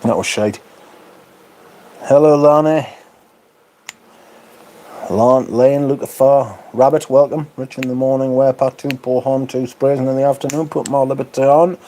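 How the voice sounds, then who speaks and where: A man's voice: medium pitch, steady tone, measured pace, pauses often, dark tone, a little hiss or hum. A man with a Northern English accent hosting a livestream, chatting casually and reading out viewer comments with dry banter. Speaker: livestream host.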